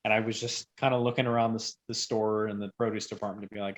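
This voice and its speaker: A man who is a guest on a podcast, telling a story casually and rambling, with sudden loud bursts when he acts out quotes. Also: fairly low pitch, fairly even intonation, quick pace, hardly any pauses.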